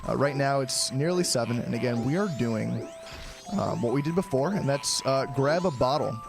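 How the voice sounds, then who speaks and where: A young man casually commenting on his own gameplay during a live stream, rambling and chatty, often clearing his throat. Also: mid-range voice, lively intonation, normal speed. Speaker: game streamer. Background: game music.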